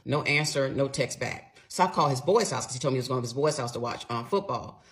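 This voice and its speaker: A woman's voice: extremely low pitch, fast talker. A middle-aged woman telling a personal story in a casual monologue, emphatic and blunt, with some swearing. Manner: animated, emphatic retelling, blunt and profane.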